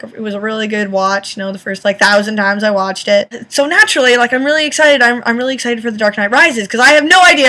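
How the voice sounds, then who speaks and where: Bright-voiced young woman ranting casually. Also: a little high. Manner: enthusiastic, profane, rambling with restarts. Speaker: vlogger. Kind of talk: casual fan rant.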